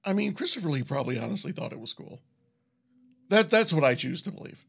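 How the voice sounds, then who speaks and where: A man's voice: fairly high pitch, big pitch swings, fast talker, creaky, slightly rough. A man co-hosting a casual podcast chat, talking loosely with lots of filler words and frequent laughter. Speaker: podcast co-host. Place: recording studio.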